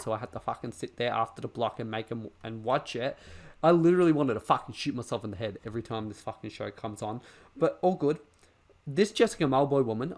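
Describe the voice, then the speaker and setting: Podcast co-host: man, casual, sweary, animated rants. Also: mid-range voice. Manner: swears a lot, ranting and animated. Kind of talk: casual chat.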